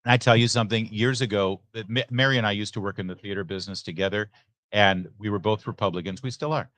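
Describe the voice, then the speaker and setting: A man's voice: fairly low pitch, fast, dry recording. A middle-aged man hosts a live election night stream and reads out viewer messages. He is chatty and joking, with many asides. His voice sounds close and dry. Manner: chatty, joking asides, lively ups and downs. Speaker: host. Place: election watch party venue.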